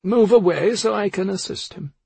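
A man's voice: high-pitched, moderate pace, mellow, no echo, pitched above the performer's own voice, exaggerated voice. A man voicing a cold, calculating female doctor who speaks in a soothing, businesslike way. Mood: coolly persuasive. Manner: smooth, soothing yet businesslike.

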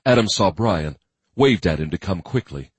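A man giving steady, grim scripted narration of a thriller audiobook. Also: deep voice, moderate pace, husky, dry recording.

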